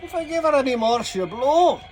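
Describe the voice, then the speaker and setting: A man's voice: extremely high pitch, lively intonation, moderate pace, faint music behind, voice pushed up. Man putting on a strained Scottish starship engineer. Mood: pleading. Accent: put-on Scottish. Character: harried male Scottish starship engineer, middle-aged.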